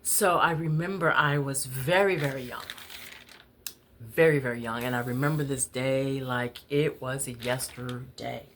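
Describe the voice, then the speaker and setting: A low-pitched woman speaking slowly in a relaxed storytelling vlog. She is a writer who talks candidly and unhurriedly, with many fillers and the odd laugh. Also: slight background noise. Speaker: poet and writer.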